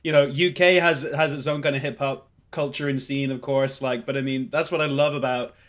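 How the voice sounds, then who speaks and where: A man's voice: medium pitch, steady tone, fairly quick, fairly bright tone. A man on a casual podcast, talking enthusiastically and rambling with many fillers. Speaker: podcast co-host and quiz contestant.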